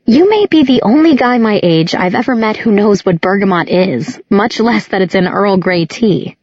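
A woman voicing a sharp-tongued, curious teenage girl with wry, quick comebacks. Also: medium pitch, expressive, no echo, muffled recording, close to an everyday voice.

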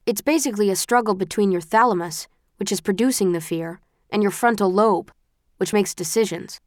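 A woman voicing a calm, tired, bookish young man in an audiobook, speaking in a steady, reasoning way that slides toward lecturing. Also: medium pitch, fairly quick, dry recording, clean studio sound, natural voice. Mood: explaining. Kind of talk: audiobook character voice.

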